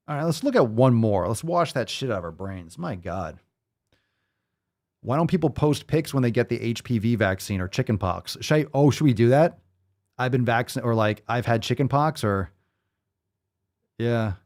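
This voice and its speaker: A man's voice: medium pitch, darkish tone. A man hosting a podcast, giving profane, sarcastic commentary as he reads posts and articles aloud. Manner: sarcastic, mocking, emphatic. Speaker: podcast host.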